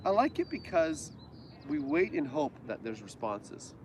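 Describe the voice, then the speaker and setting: A man's voice: fairly high pitch, wildly swooping pitch, measured pace, darkish tone, slight background noise. A Canadian man co-hosting a casual livestream chat, jokey and prone to going off on tangents. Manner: chatty, jokey, goes off on tangents. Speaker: livestream co-host.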